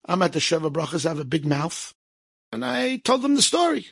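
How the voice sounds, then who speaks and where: High, gravelly storytelling man. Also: brisk. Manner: lively, acts out quoted speech, sprinkles Hebrew phrases. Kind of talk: animated storytelling to an audience.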